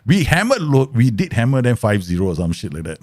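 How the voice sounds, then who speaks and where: A male game streamer does live football manager gameplay commentary while interacting with chat. He's animated, laughs often and mimics voices in his stories, speaking fast in a mid-range voice with no room sound.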